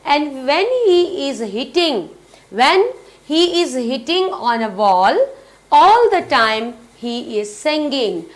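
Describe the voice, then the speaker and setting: A woman's voice: high voice, big pitch swings. A woman teaching children a phonics lesson, asking questions and answering them herself, with much repetition. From Pakistan. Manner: slow, repetitive, asks and answers own questions.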